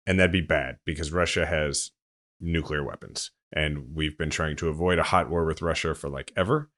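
Low-voiced guy casually chatting politics on a podcast, lots of "like" and "uh". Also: moderate pace. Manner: explains at length, relaxed and chatty. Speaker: podcast host.

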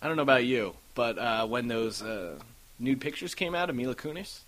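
A man's voice: mid-range voice, lively intonation, fairly quick, fairly bright tone. A man hosting a casual podcast, rambling through stories and acting out what others said. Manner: rambling storyteller, acts out quotes. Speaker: podcast host.

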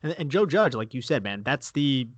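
A man co-hosting a sports podcast, chatting about football in a relaxed, conversational way, calling his partner man and bro. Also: mid-range voice, moderate pace, no room sound, dull audio. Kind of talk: casual sports chat.

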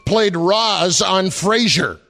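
A man's voice: sits high, lively intonation, slow, creaky, sharp tone. A man hosting sports talk radio, running a quiz with teasing, dry banter into a studio microphone.

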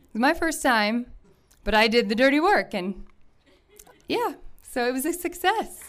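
A woman telling a personal story to an audience in an animated way, laughing often and acting out the voices of the people in it. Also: sits high, unhurried, noisy background. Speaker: storyteller at a live event.

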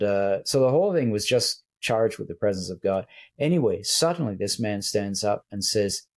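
An older man, reflecting on faith in a casual conversation as host, often pausing and restarting. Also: on the low side, a little mellow. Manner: reflective storyteller, hesitant with many restarts. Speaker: church leader and podcast host.

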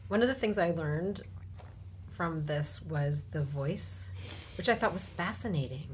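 A low, animated woman guest with faint noise. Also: measured pace. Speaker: podcast guest. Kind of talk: casual panel chat.

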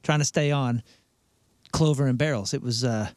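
Brief: Missouri-accented co-host, a man, rambling and animated, dry studio sound. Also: mid-range voice, normal speed, no room sound. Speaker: radio show co-host and band singer. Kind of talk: casual studio banter. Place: radio studio.

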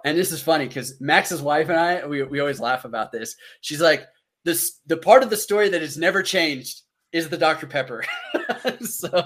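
Thirtysomething vet guy telling a story, casual, gets animated doing the quotes. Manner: animated, acts out quotes with raised pitch. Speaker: military veteran telling a story.

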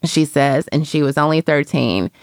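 A woman's voice: deep voice, expressive, moderate pace, dry recording, studio quality. A woman, a parenting columnist, thoughtfully recounting a personal story in a casual podcast conversation. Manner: reflective, storytelling, frequent fillers.

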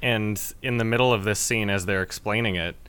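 A man's voice: on the low side, fairly even intonation, brisk, fairly bright tone, smooth. A man co-hosting a podcast, recapping a movie in casual chat with amused sarcasm and frequent laughs. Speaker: podcast co-host.

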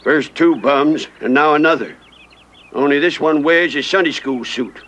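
A man voicing a surly old male farmer grandpa with a gruff, slow drawl. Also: fairly high pitch, fairly bright tone, voice pushed up, natural voice. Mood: grumpy.

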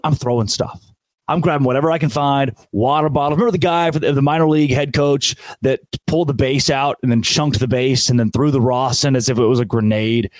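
A man's voice: mid-range voice, no room sound. A man hosting a sports podcast, ranting with sarcasm and hyperbole in an opinionated, fired-up way.

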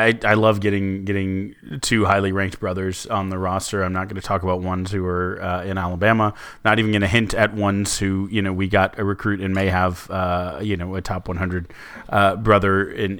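A man's voice: deep voice, little pitch movement, a little fast, a bit bright, smooth. A man co-hosting a casual sports podcast, rambling with many restarts and fillers. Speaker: co-host.

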